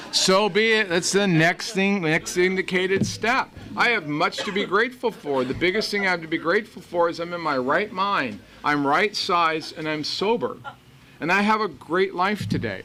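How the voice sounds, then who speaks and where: A man from Los Angeles giving a personal recovery testimony, telling his story in an earnest, animated way and acting out the voices of people he quotes. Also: a little high, slight background noise. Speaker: recovery meeting speaker.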